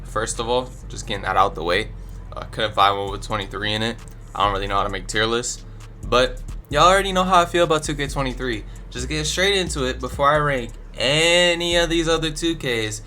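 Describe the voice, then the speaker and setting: Young guy kinda stuffy from allergies, bright voice, blunt rambly gaming talk into a mic. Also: medium pitch, brisk. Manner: rambling, blunt opinions, many fillers. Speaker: gaming YouTuber. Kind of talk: casual commentary ranking video games. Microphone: desk microphone.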